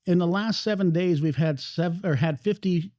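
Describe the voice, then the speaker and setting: A man's voice: sits high, moderate pace, warm tone, no room sound. A man hosting a podcast in casual chat, rambling and swearing freely as he talks. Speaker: podcast host. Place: cigar lounge.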